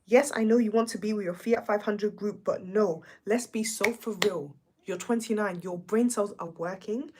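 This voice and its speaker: A young woman hosting a livestream rants about a reality show in a husky, medium-pitched voice. Her reaction is animated and sassy throughout.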